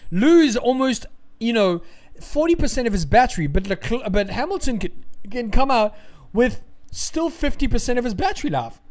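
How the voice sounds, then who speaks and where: Excitable male race-stream commentator, high voice, rambling, prone to loud cheering bursts. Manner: rambling, hedging with fillers.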